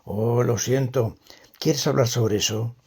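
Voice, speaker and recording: A man reading a calm friendly man, gravelly. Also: medium pitch, unhurried, heavily acted. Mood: supportive. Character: friendly adult man chatting calmly. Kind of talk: scripted dialogue reading.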